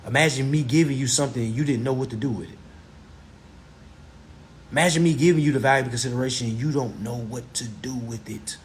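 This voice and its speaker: A man's voice: medium pitch, fast talker, slight background noise. A man giving a casual live-streamed teaching, emphatic and repetitive, with rhetorical questions and blunt profanity.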